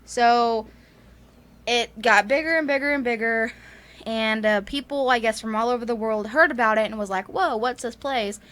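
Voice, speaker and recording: A woman's voice: fairly high pitch, moderate pace, a bit bright. A woman with a Southern US accent casually retelling a ghost story on a podcast, rambling with many fillers and frequent laughs. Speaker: podcast co-host.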